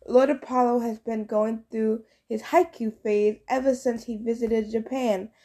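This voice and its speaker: Lady doing a stiff formal huntress girl, kinda snooty, mellow voice. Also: fairly high pitch, steady tone, measured pace. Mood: dry.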